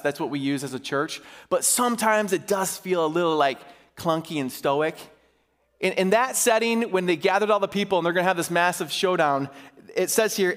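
Male pastor with a high voice, reads scripture and breaks off to comment plainly, long hall reverb. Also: a bit bright. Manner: reads scripture aloud, then stops to comment in everyday speech. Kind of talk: sermon with scripture reading.

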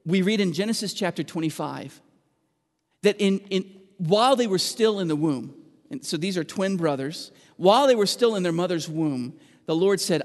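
A man preaching a sermon as pastor, moving between emphatic and hushed delivery. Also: high voice, expressive, normal speed, long reverb tail.

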